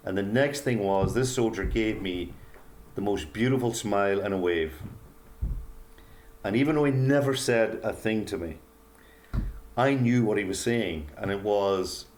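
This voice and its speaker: An older man, a guest author, telling a personal story in an earnest, halting way with many pauses and fillers. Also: fairly low pitch, darkish tone. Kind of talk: reflective storytelling interview.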